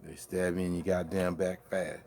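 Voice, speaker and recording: A man's voice: low-pitched, flat delivery, moderate pace, darkish tone, a little hiss or hum. A man with a Brooklyn accent hosting a late-night solo rant from his man cave, full of boastful, profane trash talk. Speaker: host.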